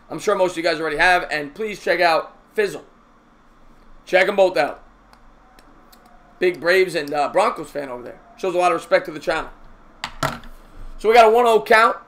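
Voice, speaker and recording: Man, high voice, amateur play-by-play caller, jokey, chatty with viewers, loud on big hits. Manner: excitable, raises voice on big hits. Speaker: streamer doing play-by-play. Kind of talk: live-stream baseball play-by-play with chat shout-outs.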